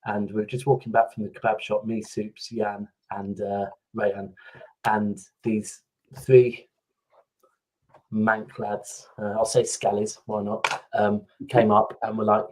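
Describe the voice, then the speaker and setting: Husky man telling stories. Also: on the low side, normal speed, low-quality recording. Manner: animated storyteller, laughs easily. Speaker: regular guest. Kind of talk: casual chat, anecdote telling.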